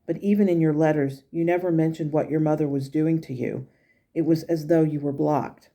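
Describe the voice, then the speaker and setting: A woman's voice: deep voice, steady tone, moderate pace, gravelly, mellow. A woman quoting the spirit of her late grandmother, who speaks frankly and lovingly, close to her own voice. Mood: tender. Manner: frank and blunt, with affectionate asides.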